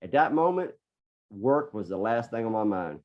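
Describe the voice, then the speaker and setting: With a fairly low pitch and a very animated delivery at a moderate pace, a middle-aged man tells a personal story as a podcast guest. He is earnest and keeps repeating words as he gathers his thoughts, and the podcast audio sounds dull and lo-fi.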